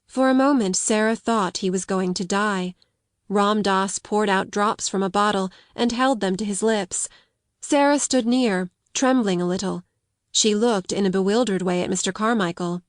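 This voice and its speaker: A woman narrating an audiobook of a classic novel in a measured, clear storytelling manner. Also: medium pitch, steady tone, no room sound, clean studio sound. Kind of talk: scripted narration.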